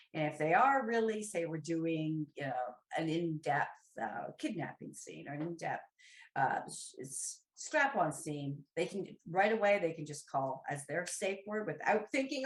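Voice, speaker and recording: A woman guest on a podcast, chatting in a lively, rambling way with restarts and side remarks. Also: low voice, unhurried. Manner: animated, rambling, with restarts and asides. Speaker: podcast guest, professional dominatrix. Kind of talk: casual chat. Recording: roomy echo.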